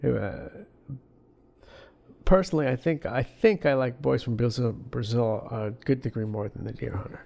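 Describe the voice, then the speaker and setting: A man's voice: mid-range voice, normal speed, creaky, mellow. A man co-hosting a casual film podcast, giving offhand opinions and dry jokes. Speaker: podcast co-host. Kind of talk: casual film review chat.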